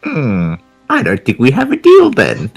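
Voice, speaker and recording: Woman player in a dnd game, goofy haggling, pitch jumping all over, slow and a bit breathy. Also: huge pitch swings, a little mellow, faint music behind. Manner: playful, haggling, giggly. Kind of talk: in-character tabletop role-play.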